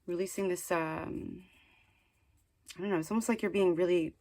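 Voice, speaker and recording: A woman's voice: lowish voice, moderate pace, warm tone, a little hiss or hum. Chatty woman giving a rambling tarot reading. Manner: chatty, rambling, many "like" fillers and restarts; earnest, mildly scolding encouragement. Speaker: tarot card reader. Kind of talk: casual spiritual tarot reading.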